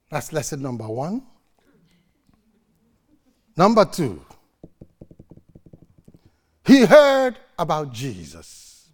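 A man preaching a sermon at a church service, dramatic and emphatic, swinging between shouting and soft talk. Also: fairly high pitch, wildly swooping pitch, extremely slow, pauses often.

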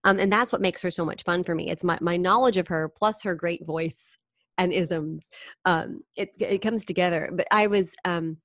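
Chatty woman with a lowish voice. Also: moderate pace, no echo, studio quality. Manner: animated, chatty storyteller who briefly slips into singing impressions. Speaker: guest, singer and impressionist. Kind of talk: interview conversation.

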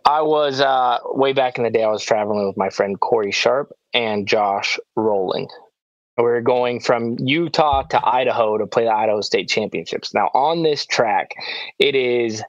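A male podcast co-host telling a story in a casual chat, excitable and animated, with lots of "like" and "dude". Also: medium pitch, dry recording, muffled recording.

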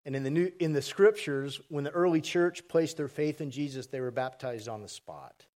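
Man preaching, fairly high voice, chatty, quizzes the congregation. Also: moderate pace, a little mellow. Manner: conversational, asks the congregation questions, jokes. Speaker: pastor. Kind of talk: sermon. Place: church hall with congregation. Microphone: handheld mic.

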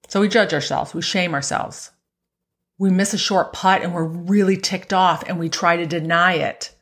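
A woman with a mid-range, fairly bright voice talks fast as a golf mental coach, giving a conversational motivational talk about golfers' emotions. She's chatty, often ends points with "right?", laughs easily, and acts out inner voices in quotes.

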